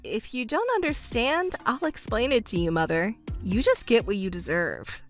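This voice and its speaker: A woman voicing a cool-headed young stepdaughter who speaks calmly and coldly in a texting story. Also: on the high side, moderate pace, faint music behind, voice pushed down. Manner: calm, cold and matter-of-fact.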